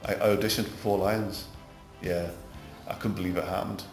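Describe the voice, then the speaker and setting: A middle-aged man from Glasgow, Scotland, with a deep voice and a broad Glaswegian accent, talks at a normal speed as an actor guest in a casual interview. He wanders through anecdotes, getting more animated as each story unfolds. The room is echoey, with music playing behind him.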